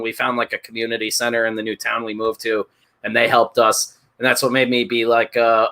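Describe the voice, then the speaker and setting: A man's voice: mid-range voice, steady tone, moderate pace, sharp tone. A man in his thirties chatting casually as a podcast co-host, telling rambling, profane stories and laughing as he talks. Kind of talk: casual chat.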